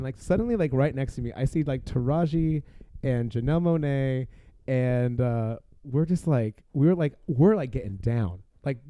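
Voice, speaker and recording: Appearing as a podcast guest, a man recounts a wild party story in a casual way, packing in fillers and bursting into laughter. His mid-range voice sounds animated, and the lo-fi recording carries no room sound.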